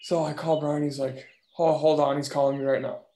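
A man's voice: on the high side, fairly quick. Man telling a story, roomy sound. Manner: animated, vivid retelling. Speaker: delivery truck driver. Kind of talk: casual storytelling chat. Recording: roomy echo with faint noise.

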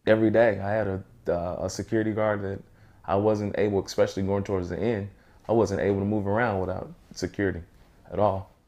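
Laid-back deep-voiced man. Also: steady tone, quick pace, a little mellow. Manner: laid-back, repeats his points. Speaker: interview guest. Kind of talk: casual interview answers.

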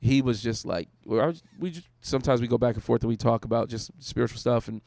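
A man, a pastor, talking through faith in a casual discussion, animated and storytelling, with bursts of acted-out voices. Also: medium pitch, fast talker, gravelly, dry recording, studio quality.

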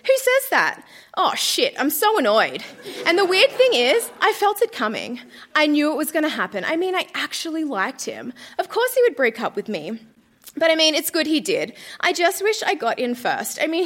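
Woman reader, high bright voice, lively pitch, melodramatic with giggles, live on stage. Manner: melodramatic, laughing through the reading. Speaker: reader of her childhood diary. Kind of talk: live reading to a theatre audience. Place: theatre stage.

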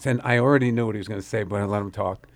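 Brief: man in a studio banter role, fast and teasing, dry, close sound. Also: on the low side, no echo. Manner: quick, chiming in, teasing. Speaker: host's father and co-host. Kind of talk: casual radio banter. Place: radio studio.

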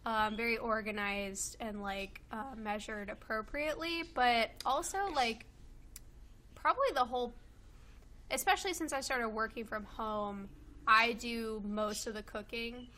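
Woman in her twenties from Kentucky, slightly high and bright, talking in a loose chatty way with plenty of fillers. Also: steady tone, unhurried. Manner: chatty, many fillers and laughs. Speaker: guest. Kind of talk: casual chat. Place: home with a loud pet bird.

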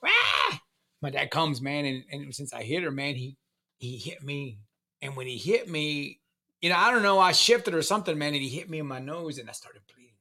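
Man, casual storyteller, somewhat high, forceful voice, halting and repetitive. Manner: rambling, halting, repeats words, says "man" often. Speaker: guest sharing recovery story. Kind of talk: casual conversation, personal storytelling.

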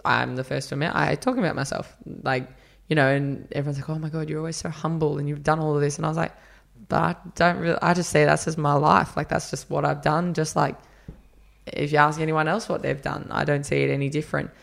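Chatty man, gravelly voice. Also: on the high side, little pitch movement, quick pace, fairly bright tone. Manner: chatty storyteller, acts out quotes, many fillers. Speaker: podcast guest, runner. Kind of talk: casual interview chat.

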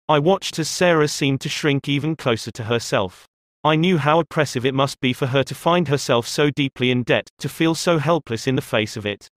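Measured male audiobook narrator, dry sound. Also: mid-range voice, no room sound. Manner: measured, expressive storytelling.

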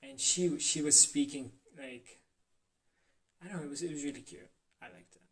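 A man's voice: a little high, big pitch swings, moderate pace, noisy background. Joking, crude young man in casual chat. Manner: joking, crude, rambling, teasing.

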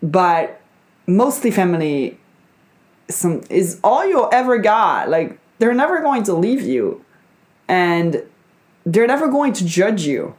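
A woman's voice: mid-range voice, big pitch swings, takes it slowly, darkish tone. A young woman hosting her own show, chatting casually on her own in a rambling, emphatic way with frequent swearing. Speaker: podcast host. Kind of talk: casual solo chat.

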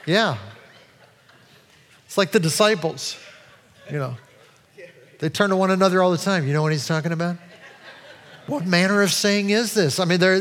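A man's voice: on the high side, in a large hall. A middle-aged male pastor preaching a sermon, telling stories in a rambling way and often restarting his sentences. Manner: rambling, self-interrupting storyteller.

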